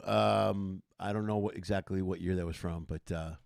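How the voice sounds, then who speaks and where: A man hosting a show, giving somber closing remarks in a halting, soft-spoken way. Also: deep voice, fairly even intonation, gravelly. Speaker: show host.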